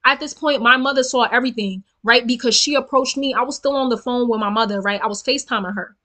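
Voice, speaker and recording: A young woman, telling a storytime vlog in an animated, profane, emphatic way straight to her viewers. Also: on the high side, fast. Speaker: storytelling vlogger. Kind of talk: casual storytime rant.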